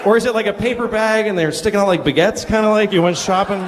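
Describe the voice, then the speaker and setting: A middle-aged man performing stand-up comedy on stage, telling stories in an animated, incredulous way. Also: high voice, quick pace. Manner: animated, incredulous storytelling with swearing. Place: comedy stage before a live audience. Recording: live stage recording with background noise.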